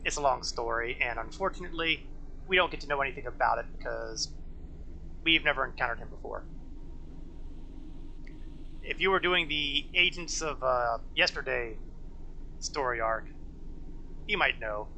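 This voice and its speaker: Man streaming a game, casual chat, gravelly, very bright, thinks aloud, slight hiss. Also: medium pitch, lively intonation, normal speed, long pauses, low-quality recording. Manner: chatty, self-mocking, thinks aloud. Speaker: streamer playing an online game. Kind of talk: casual live-stream commentary.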